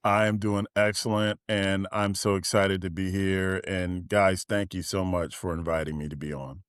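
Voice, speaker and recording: A man in his forties, a podcast guest, telling animated stories in casual chat and acting out the quotes of other people. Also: low-pitched, moderate pace, smooth, no echo, studio quality. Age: 40s. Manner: animated storyteller, acts out quotes, laughs while talking.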